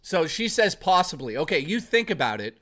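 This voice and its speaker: A man livestreaming in casual chat, rowdy and profane, thanking chat and joking excitedly. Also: a little high, fairly quick. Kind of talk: casual live-stream chat.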